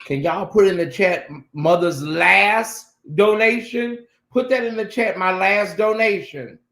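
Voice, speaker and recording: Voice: mid-range voice, measured pace, fairly bright tone, reverberant. A livestream host doing sassy, dramatic chat commentary and talking straight to the viewers.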